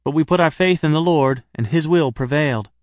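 A man's voice: a little high, a little fast, a little mellow, dry recording, studio quality, voice pushed up, natural voice. A man voicing an earnest, devout young male hiker in an audiobook.

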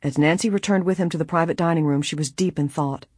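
Breathy, measured audiobook narrator. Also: mid-range voice, a little mellow, no room sound, clean studio sound. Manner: measured storytelling, voicing each character. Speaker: audiobook reader. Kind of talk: scripted narration.

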